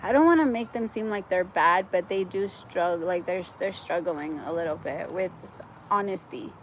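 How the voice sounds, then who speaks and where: A woman's voice: lowish voice, normal speed, slight background noise. Chatty woman giving a live tarot reading. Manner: chatty and effusive, heavy use of "like", frequent laughs; gets excited and loud at good news. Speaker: tarot reader.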